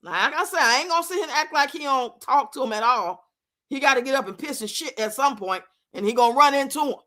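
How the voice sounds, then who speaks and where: Speaking quickly and expressively in a high, sharp-toned voice, a woman streamer delivers a blunt, profane live-stream rant. She scolds with heavy swearing, and her streaming mic captures it all in a casual setting.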